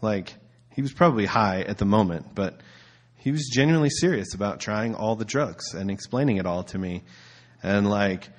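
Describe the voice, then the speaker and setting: A man's voice: on the low side, animated, moderate pace. A man preaching casually as a pastor, telling a story in a loose, conversational way with filler words.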